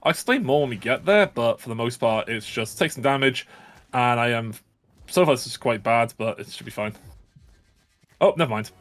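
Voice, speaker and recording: A man's voice: medium pitch, lively intonation, normal speed, a bit bright. A man giving casual live commentary while speedrunning a game, jokey and upbeat. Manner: jokey, upbeat, self-aware.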